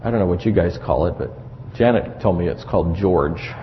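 A man's voice: sits low, fairly quick, a little hiss or hum. A middle-aged man preaching a conversational sermon on marriage, with frequent asides to the congregation. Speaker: pastor. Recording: dull lo-fi recording in a reverberant hall.

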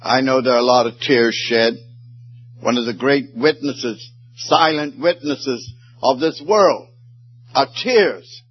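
A man's voice: medium pitch, slow pace, slightly rough. A man preaching a sermon, his voice swelling and falling with emotion. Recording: muffled sermon recording.

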